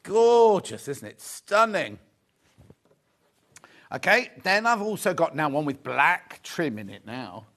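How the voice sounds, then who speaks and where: A middle-aged man hosting a live fabric sales show, chatting excitedly and teasing the crew. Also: a little high, takes it slowly. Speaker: shopping show host.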